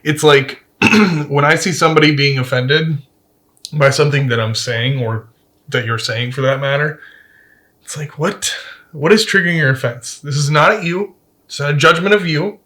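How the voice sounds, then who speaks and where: A man in a casual podcast chat who reasons through things in a measured, questioning way. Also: fairly high pitch, pushed and bright. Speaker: podcast co-host.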